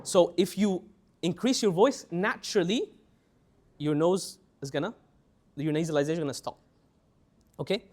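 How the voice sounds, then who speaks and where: High-voiced man teaching tajweed. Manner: animated, repeats words, restarts often; chants Quranic phrases slowly as examples. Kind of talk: classroom lecture.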